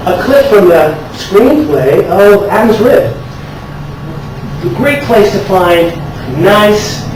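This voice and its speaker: Male conference speaker, higher voice, chatty and joking; roomy, hissy amateur recording. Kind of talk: casual workshop talk. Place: conference room. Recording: echoey hall, distant mic, noisy.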